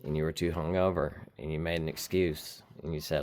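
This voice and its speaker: Deep-voiced man, slow earnest encouragement. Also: steady tone, a little mellow. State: shivering from cold. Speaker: recovery vlogger. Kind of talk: heartfelt motivational talk to camera. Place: outdoors in the cold.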